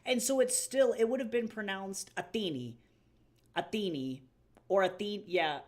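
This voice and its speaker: During a casual livestream, a female artist chats with viewers in a mid-range voice at normal speed, swearing freely and ranting in exasperation.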